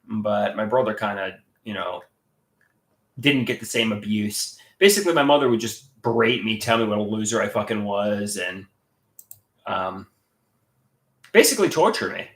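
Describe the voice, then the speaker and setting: Man, livestream chat, greets viewers, lively voice, echoey room. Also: fairly low pitch, moderate pace, long pauses. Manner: reads viewer comments aloud and greets chatters.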